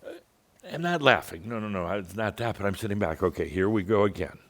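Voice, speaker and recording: Man, deep voice, channeled spiritual teacher; wry, rambling, playful asides. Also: expressive, brisk.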